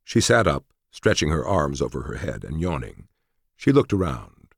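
Brief: husky, gravelly male narrator, expressive, wry, first-person audiobook read. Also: a bass voice, moderate pace, no echo. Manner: dry, wry storytelling.

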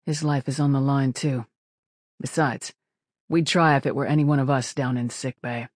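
A gruff starship captain with a sharp edge to his words, as a man reads him. He is blunt and practical. The voice is dry and close to the mic. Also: mid-range voice, fairly even intonation, moderate pace, no echo, lightly acted. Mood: firm. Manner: sharp-edged, pragmatic. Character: gruff middle-aged male ship captain.

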